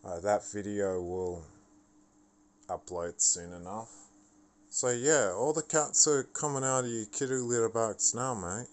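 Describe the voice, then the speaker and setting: A man's voice: lowish voice, unhurried. A tired man talking straight to the camera in a blunt, profane and exasperated ranting monologue. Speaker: vlogger.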